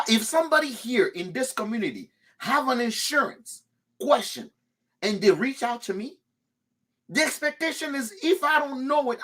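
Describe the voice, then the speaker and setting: A male podcast host talks in a loose, casual chat. His voice is slightly husky, and his pitch leaps up and down as he makes his points. He speaks emphatically, swears freely, and stumbles over repeated words when he is worked up. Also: bright, forceful tone.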